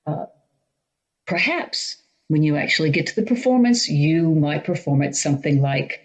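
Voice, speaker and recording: A woman's voice: sits low, animated, moderate pace, poor audio. A woman teaching drama, explaining Shakespeare performance step by step in an instructional talk.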